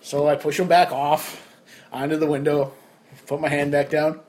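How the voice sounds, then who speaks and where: A young man with a slightly raised pitch tells a rambling story to a friend on a podcast. He acts out the other people in it as he goes, and a faint noise sits under the recording. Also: moderate pace. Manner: animated storyteller who acts out friends' voices. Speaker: podcast co-host. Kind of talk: casual storytelling chat.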